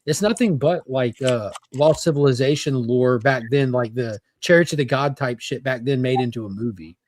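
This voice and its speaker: A man's voice: medium pitch, moderate pace, darkish tone, a little hiss or hum. Chatty man recommending sci-fi shows. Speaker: podcast panelist. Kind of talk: casual chat.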